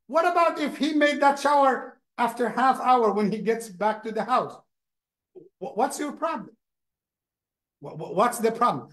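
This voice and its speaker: At a mosque, an imam gives a lesson in a lively manner, often repeating words and acting out the people he talks about. His voice is very high-pitched, and he speaks unhurriedly.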